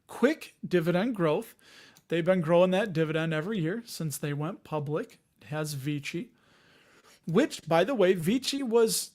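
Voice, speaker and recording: High-voiced man with a Chicago accent. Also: a little mellow. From Chicago area, Illinois. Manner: rambling, jokey, laughs often, reads chat aloud. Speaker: investing channel host. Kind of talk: casual live-stream chat.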